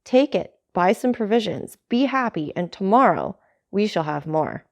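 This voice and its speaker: A woman's voice: medium pitch, expressive, moderate pace, darkish tone, close to an everyday voice. A woman reading aloud, voicing an earnest young male sailor who speaks to his father in an ardent, pleading way, in a storybook.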